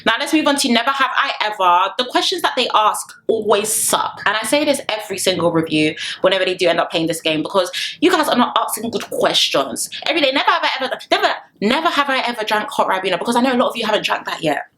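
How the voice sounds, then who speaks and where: A young woman gives casual, animated commentary on a reality TV show and often breaks into laughter. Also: mid-range voice, fast, few pauses. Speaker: reality TV reviewer.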